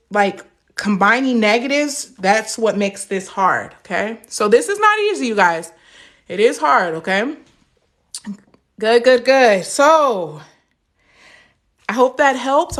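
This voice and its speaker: A young woman teaching a live math lesson, chatty and encouraging, stopping to answer viewer comments. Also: fairly high pitch.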